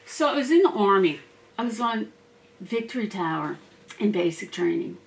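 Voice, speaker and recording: A woman's voice: medium pitch, animated, normal speed, creaky, recorded from a distance. Chatty woman crafting and telling stories. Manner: chatty, laughs often, talks while working. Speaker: crafter making a wreath. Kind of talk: casual craft vlog with storytelling.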